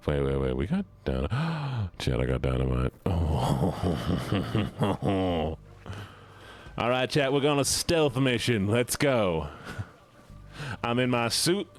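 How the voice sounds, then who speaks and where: A man with a Southern US accent, streaming and talking excitedly to his chat, laughing and swearing as he plays. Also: sits low, slow pace. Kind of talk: casual gameplay commentary.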